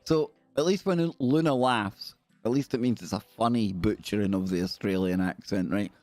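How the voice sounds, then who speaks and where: A man's voice: fairly low pitch, normal speed, darkish tone, dry recording, soft background music. Chatty Scottish man hosting a stream. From Scotland. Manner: chatty, jokey, rambling. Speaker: live-stream host. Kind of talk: casual live-stream chat.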